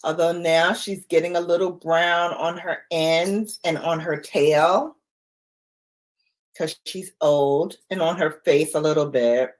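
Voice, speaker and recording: A woman's voice: low voice, fairly even intonation, takes it slowly. A middle-aged woman hosting a casual livestream, chatty, laughing often and answering viewer comments. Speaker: livestream host.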